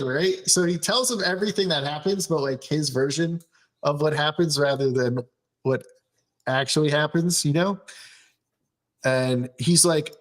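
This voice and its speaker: A man's voice: fairly high pitch, normal speed, fairly bright tone. A man hosting a casual chat show, recapping an anime episode with lots of laughter and swearing, acting out characters' quotes in a raised voice. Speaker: show host.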